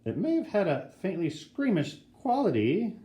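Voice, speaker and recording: A man voicing a brash, excitable schoolboy who talks in indignant, dramatic bursts. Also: sits high, moderate pace, pitched above the performer's own voice. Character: brash, excitable eleven-year-old boy. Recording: roomy echo.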